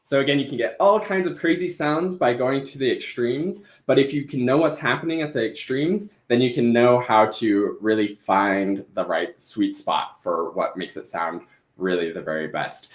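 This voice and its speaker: Guy teaching clarinet on a livestream, walks through it step by step, echoey room. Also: medium pitch. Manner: explanatory, demonstrating as he goes. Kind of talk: live-streamed music lesson.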